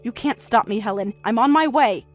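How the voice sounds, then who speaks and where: Over faint music, a woman voices a middle-aged mother who is frantic and defensive, talking in a raised, shrill, insistent way. Her voice sounds natural and moves a little fast.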